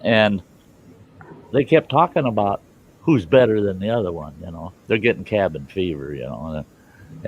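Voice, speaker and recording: A man's voice: deep voice, moderate pace, narrow, tinny audio, slight background noise. A man hosting his own show, telling jokes in a folksy, rambling way and laughing at his own punchlines. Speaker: host. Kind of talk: casual joke telling.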